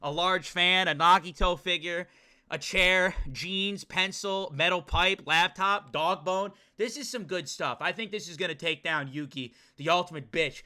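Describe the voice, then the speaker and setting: A young man streamer giving excitable, profane let's play commentary while riffing with his chat. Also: high-pitched, measured pace, smooth. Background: game music.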